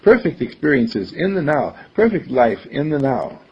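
A man's voice: medium pitch, sing-song, normal speed. An older man giving a conversational talk, telling stories and acting out the people in them, chuckling often. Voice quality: husky, gravelly. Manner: storytelling, acts out quoted voices, chuckles often. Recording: dull lo-fi recording.

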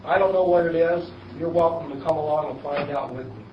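A man's voice: a little high, fairly quick, slight background noise. A man introducing himself candidly and musingly to a group. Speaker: meeting participant. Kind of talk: casual introduction. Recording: distant, echoey, dull.

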